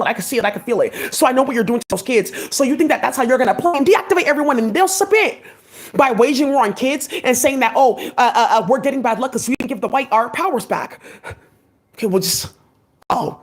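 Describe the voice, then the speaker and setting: A woman in a rambling vlog monologue, talking at a rapid clip. Her delivery is agitated and profane, and she jumps from one thought to the next without pause. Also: sits high.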